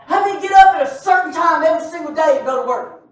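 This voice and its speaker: A male preacher delivering a lively sermon, joking with and calling out to his congregation. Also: extremely high pitch, fast talker. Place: church sanctuary. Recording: very echoey church hall, mic far off.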